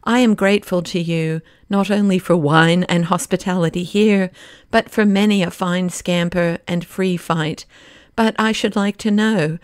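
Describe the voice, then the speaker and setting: A woman's voice: on the low side, steady tone, a little slow, no echo, studio quality, natural voice. A woman reading an earnest, troubled young man in an audiobook, speaking with heartfelt pleading. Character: earnest, troubled young male poet-detective.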